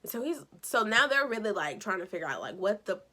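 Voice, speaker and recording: Bright, sassy woman recapping a show. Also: medium pitch, quick pace. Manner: animated, sassy storytelling with acted-out quotes. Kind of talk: casual chatty episode recap.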